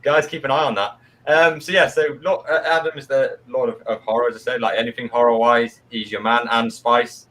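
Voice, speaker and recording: A man's voice: medium pitch, fairly even intonation, a little fast, pushed and bright, poor audio. A man co-hosting a live stream, chatting casually and introducing the other hosts. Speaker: co-host.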